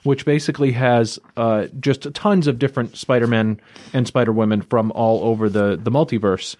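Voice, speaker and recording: A man's voice: medium pitch, steady tone, moderate pace, darkish tone. A man co-hosting a casual comic book chat, with wry, teasing banter. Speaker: comic book podcast co-host.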